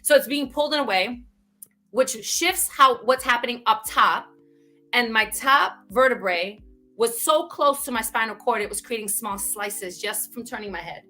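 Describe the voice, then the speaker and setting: Guest woman, bright and a touch high, animated personal storytelling, faint music under. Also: moderate pace. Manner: animated, frequent "right?" tags, bursts of laughter. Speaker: guest speaker. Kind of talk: candid conversational storytelling.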